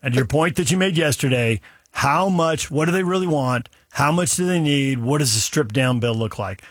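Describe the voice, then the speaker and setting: A man's voice: on the high side, animated, moderate pace, no room sound, clean studio sound. A man in his twenties co-hosting a sports talk show, analytical and dryly teasing. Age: 20s. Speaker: sports radio co-host.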